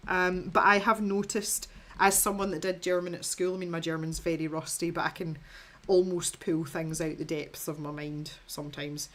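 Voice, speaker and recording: Hosting an art livestream, this mildly accented Scottish woman reads out comments from viewers and keeps the chat relaxed. She speaks in a lowish voice, laughing frequently and wandering off into rambling restarts.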